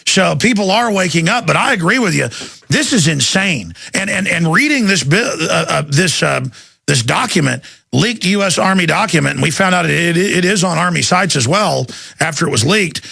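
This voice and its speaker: A man hosting a talk radio interview, forceful and ranting in a gravelly voice. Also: sits high, animated, normal speed, no echo, studio quality. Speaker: host.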